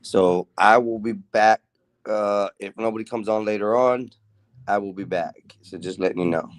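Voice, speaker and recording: A man's voice: lowish voice, unhurried, no room sound. A man calling in to a casual stream from outside behind his house, easygoing and polite. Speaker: caller and fellow streamer. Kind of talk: casual call-in chat.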